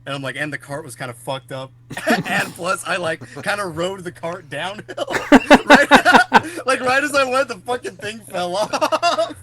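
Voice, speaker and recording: A man's voice: high-pitched, a little slow. Laughing, swearing young man telling stories. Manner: animated storyteller who laughs often and swears. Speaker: podcast co-host. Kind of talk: casual chat.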